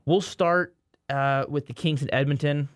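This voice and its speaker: A man's voice: a little high, fairly even intonation, measured pace, clear, resonant tone, no echo. Male podcast host, casual sports chat, dry close sound, trips over his words a lot. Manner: rambling, repeats words and restarts, self-deprecating.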